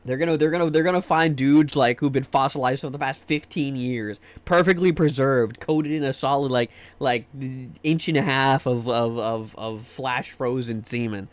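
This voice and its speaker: A man's voice: medium pitch, moderate pace, few pauses, clear, resonant tone, dry recording. A young American man ranting casually on a livestream, rambling and profane, repeating words as he restarts sentences. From United States. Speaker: livestream host. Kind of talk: casual stream chat.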